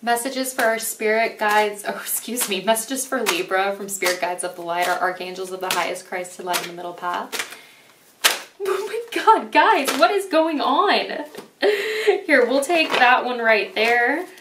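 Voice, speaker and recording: A woman's voice: medium pitch, normal speed, distant mic, noisy background. Young woman tarot reader, gushing and emphatic, slightly off-mic in a roomy space. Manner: gushing, emphatic, swears casually. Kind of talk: casual tarot reading to viewers. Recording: echoey room, voice a bit off-mic.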